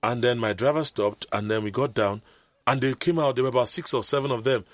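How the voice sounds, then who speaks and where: A man's voice: medium pitch, fairly quick, fairly bright tone, dry recording. A middle-aged man, telling rambling stories in casual chat, with preachy asides.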